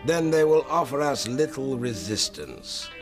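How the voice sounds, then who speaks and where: A smug, scheming corporate villain acted by a man, cold and slow, with lively pitch. Loud music plays underneath. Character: scheming male chain-store boss, villainous.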